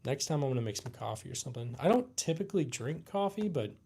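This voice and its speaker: A tired man from the United States hosting a casual live Q&A stream, talking in a laid-back, halting way with many fillers and restarts. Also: mid-range voice, sing-song, mellow, slightly rough. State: tired, yawning. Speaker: livestream host.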